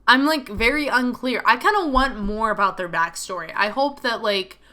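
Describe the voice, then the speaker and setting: A woman's voice: on the high side, expressive, moderate pace, pushed and bright. A young woman talking casually as she plays through a visual novel, chatty and rambling with lots of filler words. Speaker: video game streamer. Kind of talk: casual playthrough commentary.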